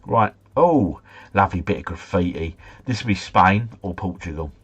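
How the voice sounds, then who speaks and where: A man's voice: sits low, expressive, moderate pace, fairly bright tone, breathy edge, dull audio. A man streaming live, chatting casually and muttering asides as he plays a geography guessing game. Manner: chatty, mutters asides, mild swearing, easily flustered.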